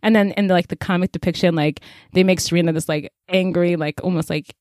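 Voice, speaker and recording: A woman's voice: lowish voice, a little fast, no room sound. Chatty woman recapping a book, dry mic. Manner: animated, chatty, many fillers, acts out characters' lines. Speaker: podcast co-host. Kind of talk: casual book-recap chat.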